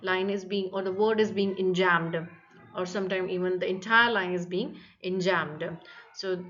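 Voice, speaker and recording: A woman teaching a lecture on poetry, talking in a halting way with frequent fillers and restarts. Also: lowish voice, fairly even intonation, fairly bright tone, lo-fi sound, a little hiss or hum.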